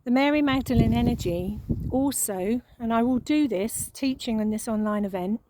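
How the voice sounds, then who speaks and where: A woman giving an emotional spiritual monologue, halting and repeating words, with frequent sighs. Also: a little high, noisy background. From England. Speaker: spiritual channel.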